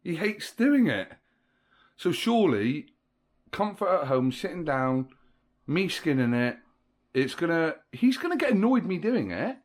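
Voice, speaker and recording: Brief: father vlogger, animated, explaining, home recording. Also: fairly high pitch, measured pace. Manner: chatty, explaining and persuading. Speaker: parent vlogger. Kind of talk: casual family vlog chat.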